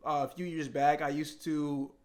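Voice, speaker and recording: A young man talking earnestly and reflectively to camera in a personal vlog, with pauses and restarts. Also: a little high, flat delivery, darkish tone. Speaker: language-learning vlogger.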